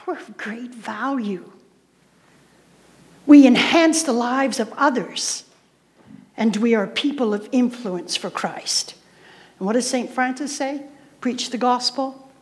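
A woman preacher giving a sermon, emphatic, repeating key phrases and putting questions to the congregation. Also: a little high. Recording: reverberant hall sound.

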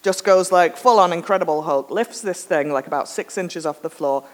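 A woman preacher giving a sermon, telling a lively self-mocking anecdote with humor. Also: on the low side, normal speed. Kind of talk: storytelling sermon.

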